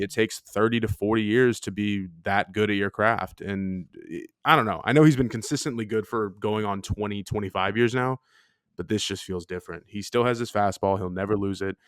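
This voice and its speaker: A man's voice: lowish voice, moderate pace, smooth, no room sound, studio quality. A man co-hosting a casual sports podcast, rambling playfully with lots of fillers. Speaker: podcast co-host.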